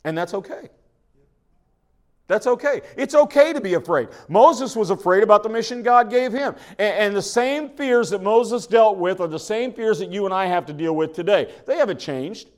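Pastor, man with a high voice, folksy sermon delivery with frequent restarts. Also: lively intonation, normal speed. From Oklahoma. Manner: folksy, conversational preaching with repeated restarts.

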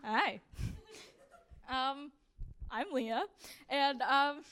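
Young woman, high voice, nervous giggles, church testimony. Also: drawn-out words, crowd noise, noisy background. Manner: nervous, shaky, laughing between phrases. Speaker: church member giving testimony. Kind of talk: personal testimony to a group.

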